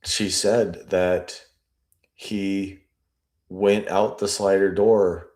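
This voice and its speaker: A very low-pitched man talks through a statement line by line. He takes his time, musing aloud and pausing over each phrase as he analyzes it. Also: flat delivery, darkish tone. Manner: slow, deliberate, musing aloud. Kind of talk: reading and analyzing a transcript.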